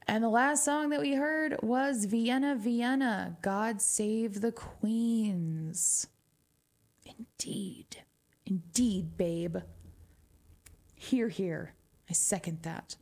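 A woman's voice: medium pitch, slow, vocal fry, a little mellow. A woman from New Mexico with a Southwestern twang, chatting casually as a radio DJ between songs, wry and laughing often.

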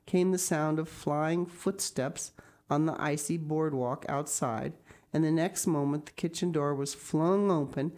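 Low-voiced woman narrating a story. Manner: calm, measured, descriptive. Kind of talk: audiobook narration.

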